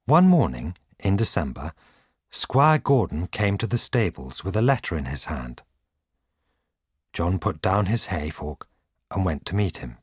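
A man narrates a storybook at an unhurried pace, with a husky, slightly low voice. His reading moves a lot in pitch. The recording is dry and close. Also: big pitch swings, no room sound. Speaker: audiobook reader.

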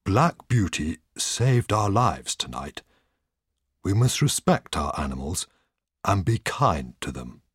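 A man voicing a kindly, authoritative country gentleman in a measured, slightly raised voice. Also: sits low, very animated, slightly rough, dry recording, studio quality, full character voice.

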